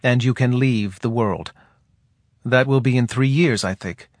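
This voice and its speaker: A man voicing a calm, grave alien native leader who speaks softly with a slight singing lilt. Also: medium pitch, dry recording, clean studio sound, lightly acted. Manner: soft, measured, faintly singing speech. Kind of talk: audiobook character reading.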